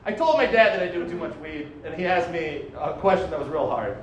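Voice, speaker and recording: A man's voice: a little high, animated, a little fast. A man performing a stand-up set on a club stage, brash and profane, mocking himself and laughing at his own jokes. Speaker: stand-up comedian. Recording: echoey club recording, heard from a distance, with noise. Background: audience laughter.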